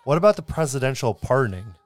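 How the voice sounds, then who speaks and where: A man's voice: medium pitch, fast, no room sound. A man co-hosting a podcast in casual, dry conversation, telling stories with plenty of fillers. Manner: relaxed, dry, storytelling with many fillers. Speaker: podcast co-host. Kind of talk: casual chat.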